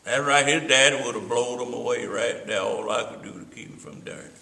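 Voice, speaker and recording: A man's voice: medium pitch, a little fast, vocal fry, bright, forceful tone. Older man telling old stories. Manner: rambling anecdotes with asides to the listener. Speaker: interviewee. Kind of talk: oral history storytelling. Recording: roomy echo.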